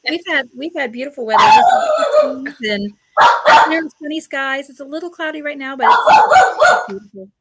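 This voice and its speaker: A woman's voice: high voice, moderate pace, heavy background noise. A woman co-hosting a casual online chat, talking in a gushing, giggly way. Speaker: co-host of the chat.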